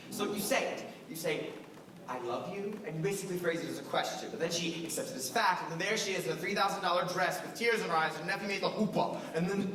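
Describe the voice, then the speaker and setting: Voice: medium pitch, a bit bright, close to an everyday voice. Student playing a rambling lonely musical fan. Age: teens. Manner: rambling, confiding asides to the audience. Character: lonely, wistful middle-aged man in a chair, musical fan. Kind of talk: stage musical monologue. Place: school auditorium stage. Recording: echoey hall taped from far off, noisy.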